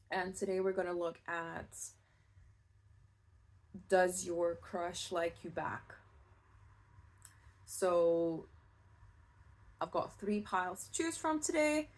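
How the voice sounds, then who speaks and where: A woman giving a casual pick-a-card tarot reading, chatty and rambling, with soft laughs and fillers. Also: medium pitch. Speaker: tarot reader.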